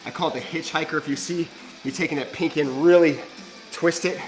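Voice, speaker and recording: A man's voice: fairly high pitch, steady tone, fairly quick, music in the background, poor audio. A man coaching a live gym workout, breathless between sets, explaining technique. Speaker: fitness coach.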